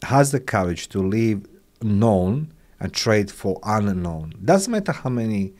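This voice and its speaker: Guy interviewing someone, low voice, long halting questions. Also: very animated, a little mellow. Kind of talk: casual interview.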